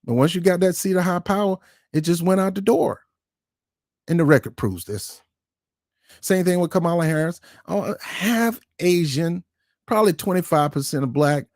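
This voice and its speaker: Man, ranting commentary host, emphatic, confrontational, slightly high voice, dry close sound. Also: animated, normal speed, darkish tone, dry recording. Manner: emphatic, confrontational, repeats words for stress.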